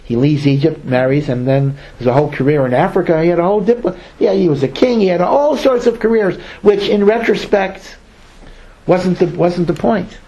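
A man's voice: high-pitched, normal speed, mellow, rough recording. A man, a rabbi, giving a Torah sermon in a storytelling way, repeating words for emphasis and acting out the people he quotes. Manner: acts out quoted speakers.

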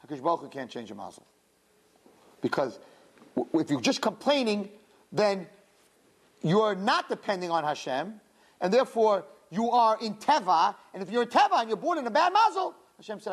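A woman's voice: mid-range voice, normal speed, husky. A woman giving a religious lecture to young women, telling stories animatedly and acting out the dialogue. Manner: animated storytelling, acts out dialogue. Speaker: Torah teacher.

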